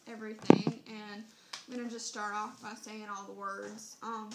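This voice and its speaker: A woman's voice: mid-range voice, flat delivery, moderate pace, reverberant, very noisy. A young woman from southern Mississippi with a Southern Mississippi accent, chatting casually in a vlog and reading word lists aloud, recorded on a phone. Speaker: vlogger.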